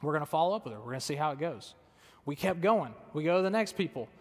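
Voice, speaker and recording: A man's voice: fairly high pitch, lively intonation, fast talker. A man, a pastor, telling a story in a sermon, conversational and self-deprecating, earnest in tone. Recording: long reverb of a large hall.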